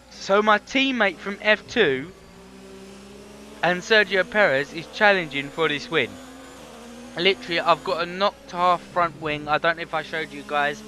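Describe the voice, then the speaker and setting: Hoarse, high, bright gamer. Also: male voice, slight background noise. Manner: energetic, chatty, slangy. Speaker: gaming video creator. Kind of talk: excited racing game commentary.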